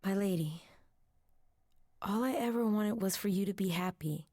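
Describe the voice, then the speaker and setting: A woman voicing a devoted female attendant speaking softly to her lady. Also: mid-range voice, moderate pace, no echo, clean studio sound, close to an everyday voice. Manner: soft and devoted.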